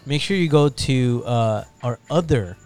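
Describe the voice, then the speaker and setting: A man's voice: medium pitch, animated, measured pace, darkish tone, clear, resonant tone, soft background music. Joking, teasing podcast man. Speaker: podcast co-host. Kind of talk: casual podcast chat.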